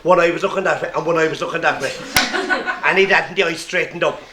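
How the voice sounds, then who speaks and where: A man with an Irish accent telling a comic story live to an audience, lively and playful. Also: on the high side, fairly quick. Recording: echoey room with faint noise.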